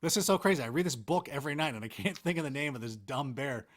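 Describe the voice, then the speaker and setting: A man talking as a guest in a casual interview, animated, rambling and self-mocking. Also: medium pitch, fast. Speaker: interview guest, NFL analyst.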